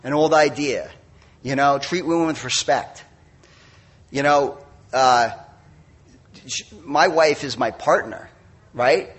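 At a recovery meeting, a middle-aged man with a mid-range, slightly rough voice gives a candid, self-mocking personal testimony packed with quick asides.

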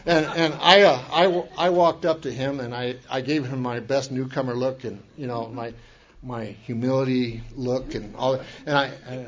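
A man's voice: mid-range voice, normal speed. Guy rambling thru his recovery story, jokes at himself, muffled lo-fi sound. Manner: rambling, self-mocking, lots of restarts. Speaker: recovery meeting speaker. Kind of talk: personal testimony talk.

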